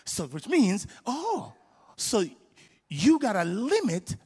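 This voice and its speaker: A man's voice: high voice, huge pitch swings, slow, a little mellow, slightly rough. A man preaching a sermon from a church stage, in an impassioned, conversational way with repetitions. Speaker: pastor. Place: large church hall. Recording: live sermon in a reverberant hall.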